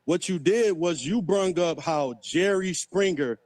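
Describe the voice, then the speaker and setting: A man's voice: sits high, a little slow, darkish tone, dry recording. An older man calling in to a show, talking aggressively and swearing. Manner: aggressive, profane. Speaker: caller. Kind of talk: angry call-in rant.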